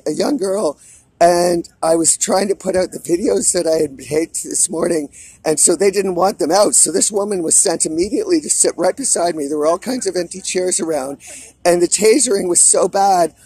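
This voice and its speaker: A man's voice: high voice, moderate pace, darkish tone, husky, dry recording. A man talking in an agitated, rambling video monologue, shaky and distressed, often restarting his sentences. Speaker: vlogger.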